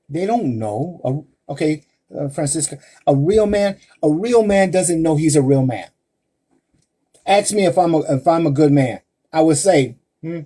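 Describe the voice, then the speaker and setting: A man giving relationship advice over a live stream, his voice mellow and a little husky. He takes his time, pressing each point with emphasis and rhetorical questions aimed straight at the women listening. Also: on the high side. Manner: addresses women listeners directly.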